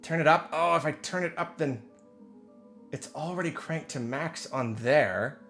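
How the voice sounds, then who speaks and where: A man's voice: a little high, unhurried, creaky, fairly bright tone. A man streaming live, chatting casually and apologizing in a flustered way while he fixes his audio on a desk mic. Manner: flustered, apologetic, self-deprecating laughs. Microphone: desk microphone. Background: faint awards-show music from a TV.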